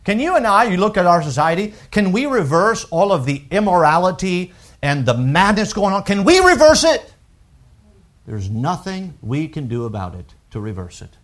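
A man preaching a sermon with emphatic swings from loud declarations to hushed, drawn-out lines, repeating words as he works through a thought. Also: on the high side. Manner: unhurried, deliberate, with pauses and repeated words. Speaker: pastor.

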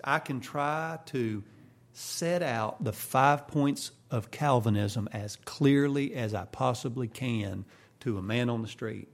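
A man preaching a sermon in an earnest way, rising to loud emphasis and dropping to quiet, firm statements. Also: mid-range voice, takes it slowly.

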